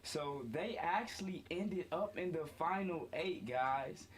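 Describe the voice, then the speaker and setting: Speaking slowly in a fairly high voice, a young man runs a student sports talk show from a student media studio. As host, he is playful and self-correcting and frequently calls out to his audience.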